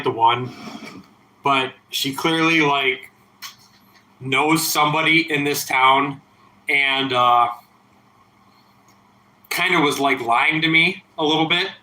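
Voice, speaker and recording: This thirties-aged streamer's pitch runs somewhat high with a sharp tone, captured in poor audio that echoes around the room. He's been drinking and is slightly tipsy, so his late-night livestream chatter turns rambling, foul-mouthed and defiant.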